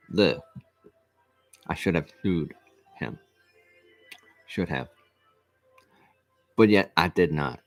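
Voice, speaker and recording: A man with a very low voice tells a personal story straight to the camera. He speaks earnestly and haltingly, circling back and repeating phrases as he goes. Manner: earnest, repetitive, halting restarts. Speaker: vlog host.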